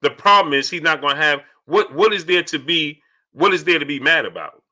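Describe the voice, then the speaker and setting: A young man hosting a casual live stream, reading viewer chats aloud and answering them in an animated way that repeats itself. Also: on the high side, fairly quick. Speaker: livestream host reading super chats. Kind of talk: casual livestream chat.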